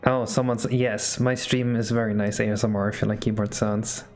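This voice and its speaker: A man's voice: fairly low pitch, flat delivery, moderate pace, darkish tone, faint music behind. Man joking with live chat. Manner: joking banter, reading chat aloud between working remarks. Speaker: game developer streaming live. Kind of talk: casual live-stream chat while working.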